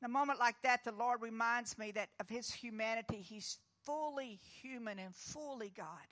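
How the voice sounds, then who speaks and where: Woman pastor preaching a comforting sermon, bright clear tone, goes soft then strong. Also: fairly high pitch, moderate pace. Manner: earnest, comforting, moves between hushed and emphatic.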